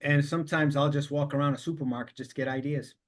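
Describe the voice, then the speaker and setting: A man's voice: a little high, steady tone, fast. A man hosting an interview podcast, a chef by trade, chatting casually and encouraging his guest with short backchannels.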